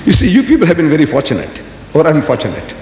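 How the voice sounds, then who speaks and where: Animated man in his seventies lecturing. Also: fast. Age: 70s. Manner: animated storytelling, rhetorical questions, emphatic jumps in pitch. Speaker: Islamic lecturer. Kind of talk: lecture delivered to a live audience. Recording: roomy hall reverb, faint background rumble.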